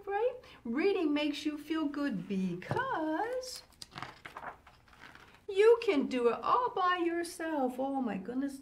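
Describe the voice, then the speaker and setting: A woman's voice: sits high, a little hiss or hum. An older woman hosting a children's show, reading a picture book aloud in a fussy, grandmotherly way and exclaiming "oh" often.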